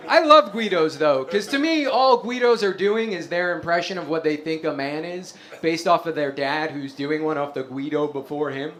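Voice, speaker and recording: A man from Staten Island doing a stand-up comedy set in a club, wry with deadpan asides. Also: fairly high pitch, moderate pace, few pauses. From Staten Island, New York.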